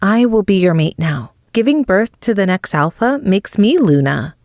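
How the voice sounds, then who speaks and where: A woman's voice: medium pitch, expressive, moderate pace, a little mellow, no echo, studio quality, close to an everyday voice. A woman voicing a scheming young woman rival whose voice is sickly sweet and taunting.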